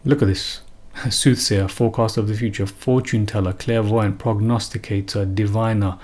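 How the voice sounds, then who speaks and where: A man's voice: fairly low pitch, fairly even intonation, moderate pace, darkish tone. A man giving an unscripted religious talk, earnest and emphatic, often repeating and restarting phrases. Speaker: religious commentator.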